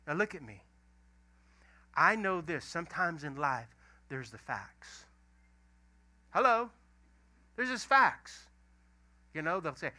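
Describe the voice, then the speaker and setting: A middle-aged pastor, preaching a lively, emphatic sermon full of stories. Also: male voice, on the high side, measured pace, long pauses. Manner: animated, emphatic storytelling preaching.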